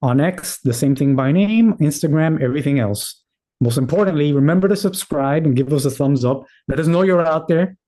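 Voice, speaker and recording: A man's voice: on the high side, fairly quick, warm tone. A man co-hosting a podcast in loose, rambling casual chat, laughing easily. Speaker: podcast co-host.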